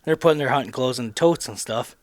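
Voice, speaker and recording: A man's voice: medium pitch, quick pace, no echo, clean studio sound. A man with a Midwestern American accent hosting a podcast, telling a rambling story in casual chat with frequent restarts. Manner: rambling, animated retelling with many restarts. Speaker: podcast host.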